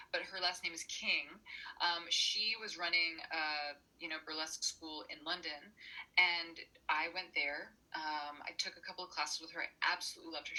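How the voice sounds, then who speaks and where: A woman who performs burlesque and is a minister, telling her story in a casual interview, animated and full of "like.". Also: lowish voice, rough recording. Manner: animated storyteller, many "like" fillers.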